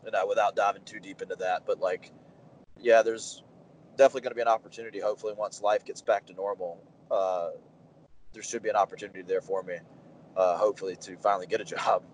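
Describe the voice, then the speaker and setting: A man in his thirties, a wrestler as interview guest, telling animated stories and acting out the dialogue with lots of fillers. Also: fairly low pitch, fast talker, slight background noise, low-quality recording. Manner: animated anecdotes, acts out quoted dialogue, many fillers. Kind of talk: casual storytelling interview.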